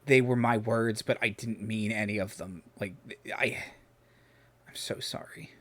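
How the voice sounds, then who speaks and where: A man's voice: lowish voice, drawn-out words, pitched below the performer's own voice. Whispered role-play: a man playing a battered young man, stammering, remorseful and barely audible.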